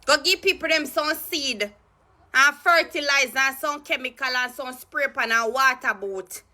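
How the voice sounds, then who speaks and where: A woman's voice: sits high, normal speed, bright, forceful tone. A Jamaican woman in a heated, profane political rant in patois, scornful and angry. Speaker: political commentator.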